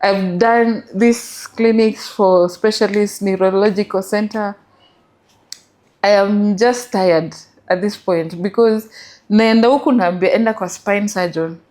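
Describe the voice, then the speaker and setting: A woman's voice: mid-range voice, steady tone, takes it slowly, dark tone. A middle-aged woman with a Kenyan accent, telling her story as an interview guest and mixing English with Swahili.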